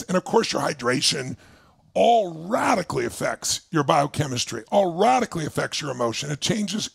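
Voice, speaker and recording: A man leading a live seminar over video call as a motivational speaker, energetic and emphatic, prodding his audience with constant "right?". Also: high-pitched, vocal fry, husky, no room sound.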